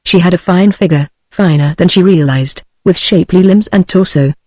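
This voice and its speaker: A text-to-speech woman's voice with a British English accent, reading a novel as an audiobook narrator in an even, steady delivery. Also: lowish voice, normal speed, dry recording.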